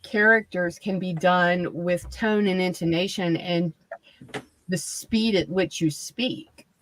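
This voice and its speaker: A woman's voice: lowish voice, fairly even intonation, slow, a little hiss or hum. A woman with a Virginia accent, chatting casually about voice acting on a gaming stream. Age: older than the others. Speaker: player on a tabletop game stream. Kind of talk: casual chat.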